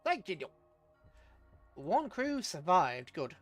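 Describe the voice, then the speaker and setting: A man's voice: high voice, huge pitch swings, slow, faint music behind. Chatty man streaming a game. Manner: chatty, chuckling, talks to chat. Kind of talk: live gameplay commentary.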